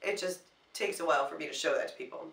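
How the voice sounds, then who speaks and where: A woman co-hosting a casual chat, animated and often restarting her sentences. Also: low-pitched, fast talker, gravelly. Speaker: co-host. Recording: echoey room, mic at a distance.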